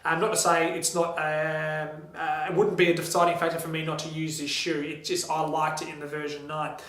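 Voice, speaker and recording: A man's voice: a little high, monotone, fairly quick, fairly bright tone. A man with an Australian accent giving a candid, friendly running shoe review to camera, with frequent ums and restarts. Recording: echoey room.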